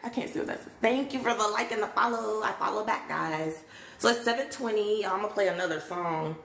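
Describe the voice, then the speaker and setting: A woman's voice: mid-range voice, brisk, creaky, fairly bright tone. Woman live-streaming from her phone, chatty and laughing, echoey room. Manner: chatty, laughs often, greets viewers. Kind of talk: casual livestream chat. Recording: roomy echo.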